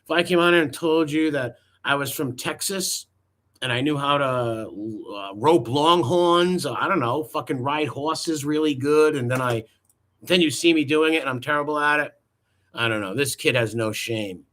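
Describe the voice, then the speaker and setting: A man's voice: fairly high pitch, moderate pace, fairly bright tone. A man giving mocking, profane reaction commentary, scoffing at a clip. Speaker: commentary host.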